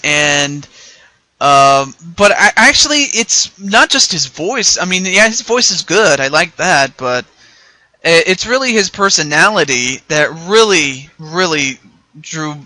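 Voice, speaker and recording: Bright-voiced man rambling in casual chat. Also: fairly high pitch, no echo. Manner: rambling, stammering restarts. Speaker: YouTuber host.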